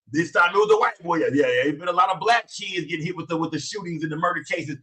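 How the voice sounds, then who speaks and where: A man hosting a livestream, reading chat names rapid-fire in loose, slangy, profane talk. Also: high voice, expressive, bright, forceful tone, distant mic. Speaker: livestream host. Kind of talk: casual livestream commentary and chat shout-outs.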